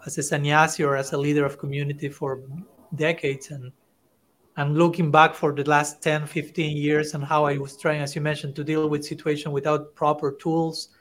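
A middle-aged man hosts a podcast interview. He responds thoughtfully and hesitantly, often repeating words, and his voice sits a little higher than most men's. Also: level tone, normal speed, a bit bright. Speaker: podcast host, monk. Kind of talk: conversational interview.

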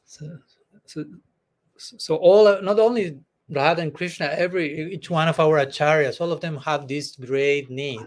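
A male spiritual teacher with a fairly high-pitched voice gives a devotional discourse. He speaks earnestly and haltingly, often laughing between thoughts.

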